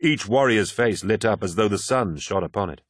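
Low-voiced man narrating an audiobook. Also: normal speed, slightly rough, dry recording, clean studio sound. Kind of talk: scripted narration.

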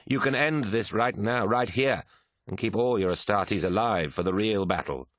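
A man voicing an ambitious, scheming male warrior who speaks in a smooth, persuasive way, in an audiobook reading. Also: lowish voice, moderate pace, a bit bright, no echo, clean studio sound, voice pushed up, close to an everyday voice.

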